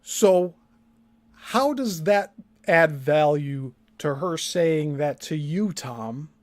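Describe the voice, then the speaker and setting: A man's voice: on the high side, expressive, very slow. Blunt swearing man commenting. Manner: blunt, emphatic, swears freely. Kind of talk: casual commentary.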